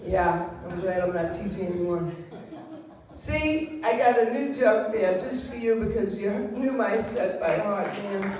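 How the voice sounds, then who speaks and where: A woman's voice: medium pitch, animated, unhurried, a crowd in the background. A woman doing a wry, self-deprecating stand-up set on a club stage. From Long Island, New York. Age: 70s. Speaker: stand-up comedian. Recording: roomy club sound heard from far off.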